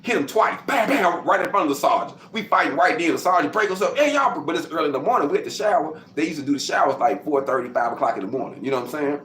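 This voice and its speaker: A man from Arkansas, casually telling his life story to camera, acting out quotes and sound effects and getting loud as he goes. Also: fairly high pitch, animated, very fast, few pauses. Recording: roomy with faint background noise.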